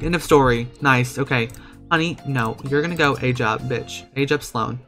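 A man's voice: mid-range voice, fairly even intonation, normal speed, fairly bright tone, soft background music. A young man hosting a let's-play of a life-sim game, campy and sassy, swearing often and swinging between cooing and outbursts. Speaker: gaming channel host. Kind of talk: casual let's-play commentary.

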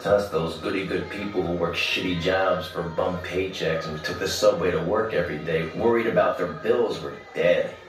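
Man doing a low-voiced mobster narrating, flat and blunt, roomy film sound with music. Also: moderate pace, few pauses, far from the mic, natural voice. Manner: matter-of-fact, blunt. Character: world-weary male gangster narrating his life.

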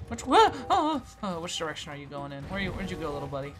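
A woman giving casual commentary on her own gameplay, playfully taunting the other players and swinging from quiet mutters to loud squeals. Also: low voice, sing-song, fast talker, soft background music. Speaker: gaming YouTuber.

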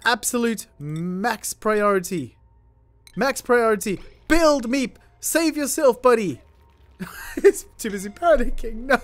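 A man commentating his first try at a game, panicking, laughing and yelling at his characters, then calming down to talk to viewers. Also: very high-pitched, slow, dry recording. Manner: calmer, chatty sign-off to viewers. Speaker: gaming YouTuber. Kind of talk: let's play commentary.

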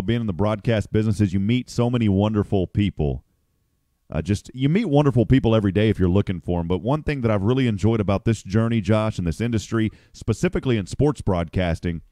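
Guy hosting morning radio, low voice, dry close sound, chatty and upbeat. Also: warm tone, no room sound. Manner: upbeat, chatty, greets listeners by name. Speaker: radio show host. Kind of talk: casual morning show chat.

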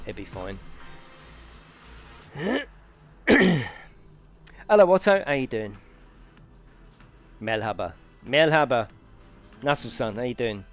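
A man streaming a racing game, chatting and joking with viewers and swearing freely over game music. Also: medium pitch. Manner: banters with chat, swears freely. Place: home gaming setup.

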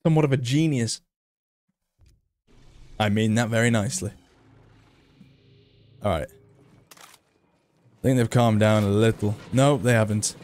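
A man's voice: fairly low pitch, measured pace, pauses often, darkish tone, a little hiss or hum. A man giving casual gameplay commentary, chatty and self-mocking, swearing when frustrated. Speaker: gaming video creator.

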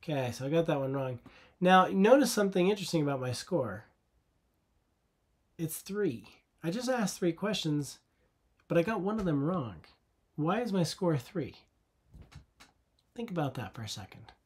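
A man walks through a coding tutorial in a relaxed classroom manner. His voice sits a little high for a man. He pauses to ask the viewer questions and then answers them himself. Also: husky. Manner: patient, conversational, asks rhetorical questions. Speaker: teacher.

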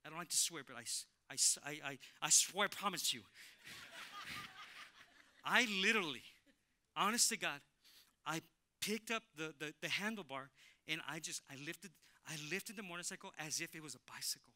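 A man preaching a sermon as pastor, telling a personal story with emphatic repetition and animated delivery. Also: on the high side, normal speed, pauses often. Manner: animated, emphatic, repeats phrases, laughs with congregation. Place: church sanctuary.

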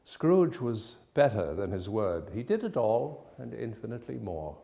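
A man narrating a classic holiday tale in a theatrical, expressive storytelling style. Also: on the low side, unhurried, gravelly. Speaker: actor and narrator.

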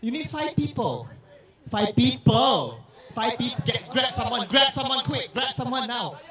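A man hosting a crowd game on stage with lots of energy, shouting and repeating words quickly over the crowd. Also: very high voice, big pitch swings, distant mic. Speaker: event host. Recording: echoey hall, heard from afar.

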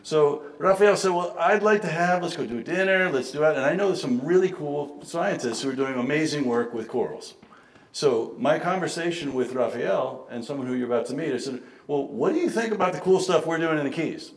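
Man, press conference host, enthusiastic storyteller, acts out quotes, slightly high voice. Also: animated, brisk, roomy sound, rough recording.

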